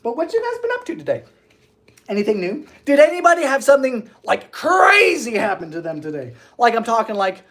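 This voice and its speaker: A young man from Bermuda with a mild Bermudian accent, chatting theatrically and jokily while baking on a live stream. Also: sits high. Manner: animated, theatrical, jokey. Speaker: baking show host.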